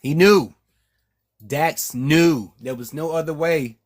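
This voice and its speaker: In a slightly high voice, an author reads from his novel with measured delivery and frequent restarts before turning to talk with his audience.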